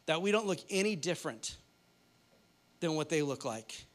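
At a moderate pace, a late-thirties pastor preaches in a relaxed, conversational style, treating the congregation like friends. His somewhat higher-than-average male voice carries funny stories and playful asides throughout.

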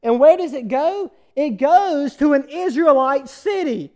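A man preaching a sermon, retelling a scripture story with animated energy and quizzing his listeners. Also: very high voice, measured pace.

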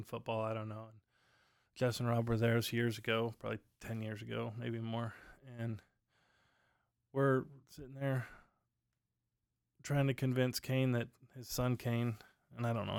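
A man's voice: medium pitch, darkish tone, clear, resonant tone, no echo, studio quality. A man hosting his own podcast, chatting casually and rambling through stories with lots of fillers, at home at night. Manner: rambling storytelling with many fillers. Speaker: podcast host. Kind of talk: casual solo chat.

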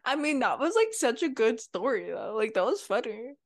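Woman, podcast co-host, blunt, teasing, fairly high pitch, dry close sound. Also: very animated, moderate pace, dry recording. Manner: blunt, teasing, swears freely. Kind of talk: casual chat.

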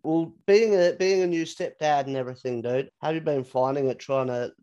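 A man's voice: on the high side, brisk, smooth, dull audio. Man, podcast host, laid-back conversational manner. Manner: relaxed, conversational questioning. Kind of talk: casual podcast interview.

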